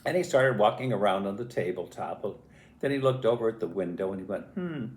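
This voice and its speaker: An older man telling a family story in a casual, animated way, acting out voices and sounds as he goes. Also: fairly low pitch, fast talker. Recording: roomy echo.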